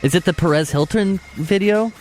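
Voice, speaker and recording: A man's voice: high-pitched, moderate pace, over music. A man co-hosting a radio show, reading out news items and answering with dry, terse quips. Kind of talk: casual radio banter.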